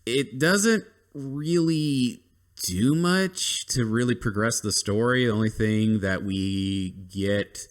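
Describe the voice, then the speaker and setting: A man giving a casual review rant, rambling with lots of ums and likes and dry complaints. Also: on the low side.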